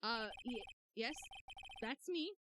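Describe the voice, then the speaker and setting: A woman's voice: on the high side, expressive, slow pace, background noise. A woman voicing a nervous young male defense attorney who stammers and hesitates.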